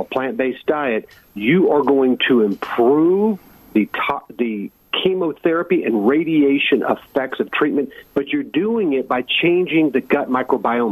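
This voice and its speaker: Husky-voiced male doctor, dry sound. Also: mid-range voice, no room sound, rough recording. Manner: earnest and explanatory, building up to emphatic points. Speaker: medical doctor and guest. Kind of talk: explanatory interview answers.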